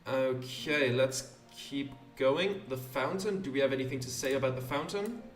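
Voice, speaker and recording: A man's voice: medium pitch, moderate pace. A man hosting a let's play, commenting in a rambling, hesitant, self-deprecating way. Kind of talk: casual game commentary. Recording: roomy, mic at a distance, faint game music.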